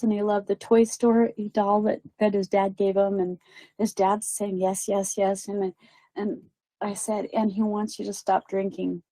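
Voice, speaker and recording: Chatty woman with a dark, mellow voice. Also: mid-range voice, no room sound, rough recording. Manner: chatty, many fillers and quoted voices. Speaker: medium telling a story. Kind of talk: casual storytelling.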